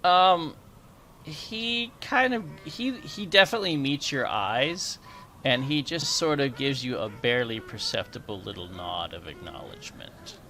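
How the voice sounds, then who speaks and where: A man narrating as game master of a tabletop game, wry and unhurried. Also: medium pitch, pushed and bright. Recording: noisy home recording.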